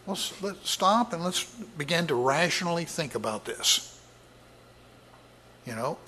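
A man preaching a sermon in a halting way, with many filler words and frequent throat clearing. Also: fairly high pitch, animated, bright, forceful tone, slight background noise. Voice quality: husky, clears throat often.

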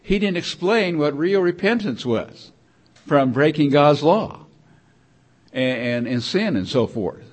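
A man's voice: a little high, expressive, slow. An older man preaching a sermon in a conversational, rambling way, with many restarts and repeated words.

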